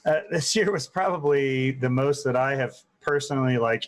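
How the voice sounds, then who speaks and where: A man on a gaming podcast panel, friendly and halting, often repeating words as he talks. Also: mid-range voice, fairly even intonation, low-quality recording. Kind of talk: casual podcast chat.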